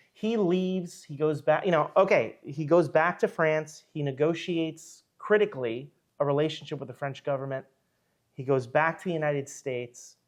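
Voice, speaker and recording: Lively higher-voiced man telling history. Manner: lively, rambling retelling full of "you know" and asides. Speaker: archivist and historian. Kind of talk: storytelling history in an interview.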